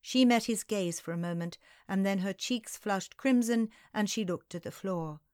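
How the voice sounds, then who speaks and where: A woman narrating a historical novel in the first person, in slow, measured storytelling. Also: mid-range voice, a little mellow, dry recording, studio quality.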